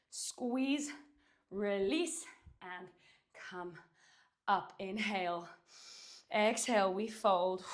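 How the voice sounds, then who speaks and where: A woman teaching a Pilates and dumbbell workout at home, out of breath, cueing and counting reps while she exercises, recorded by a camera at a distance. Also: mid-range voice. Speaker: Pilates instructor. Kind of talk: workout instruction. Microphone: far camera.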